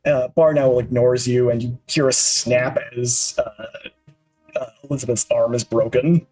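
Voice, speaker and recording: 말을 더듬는 남자 게임 마스터. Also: male voice, mid-range voice, fairly even intonation, a little slow, a little mellow, soft background music, low-quality recording. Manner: hesitant, many fillers. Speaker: game master. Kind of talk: narrating a tabletop game.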